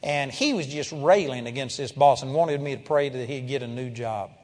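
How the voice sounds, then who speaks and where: A man's voice: medium pitch, normal speed, a little mellow. A man preaching a sermon to a congregation, telling a story through quoted dialogue and building to emphatic swells. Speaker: pastor. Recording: long hall reverb.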